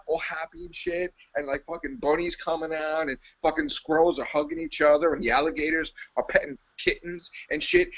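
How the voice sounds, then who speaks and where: A man's voice: a little high, vocal fry, muffled recording. A man co-hosting a podcast, ranting in casual chat, profane, exasperated and mocking. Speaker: podcast co-host.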